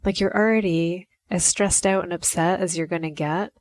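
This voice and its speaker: A woman's voice: lowish voice, steady tone, moderate pace. A woman hosting a podcast, talking in a chatty, reflective way and often acting out quoted lines. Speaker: podcast host. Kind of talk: casual solo podcast talk.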